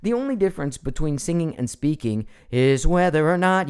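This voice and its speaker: A middle-aged man teaching voice training in a live online session, animated and demonstrating voices as he explains. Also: fairly high pitch, a little fast, clear, resonant tone. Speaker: voice coach presenting his online course.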